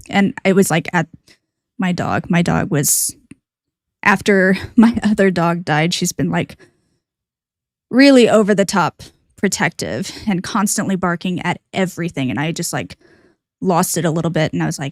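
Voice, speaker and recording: A woman's voice: fairly low pitch, animated, moderate pace, no echo, clean studio sound. A woman talking candidly on a live stream, conversational with many fillers. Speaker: reaction streamer. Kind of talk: casual live stream commentary.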